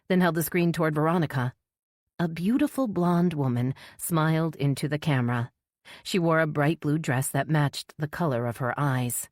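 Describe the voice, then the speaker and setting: Woman, audiobook narrator, low voice, dry close recording, scripted thriller reading. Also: a little mellow, dry recording. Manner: voices characters with raised pitch in dialogue.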